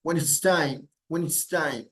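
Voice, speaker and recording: A man takes an English class through a grammar lesson. He speaks in an unhurried, drawn-out way and repeats every example sentence several times. His voice sits a little high for a man. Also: a bit bright, rough recording. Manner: slow, repeats each example several times, switches between English and Spanish. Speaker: English teacher.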